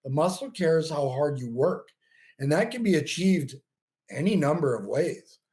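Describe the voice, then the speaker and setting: A man in his fifties, a bodybuilding coach guesting on a podcast, telling stories in a chatty, animated way with lots of "you know" and frequent laughs. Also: on the high side, measured pace. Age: 50s. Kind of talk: casual interview talk.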